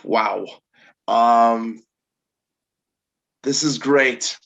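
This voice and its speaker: Gravelly co-host with a dull lo-fi sound. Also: male voice, medium pitch, drawn-out words, fairly bright tone. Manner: loose, joking, lots of hesitations. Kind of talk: casual chat reviewing wrestling.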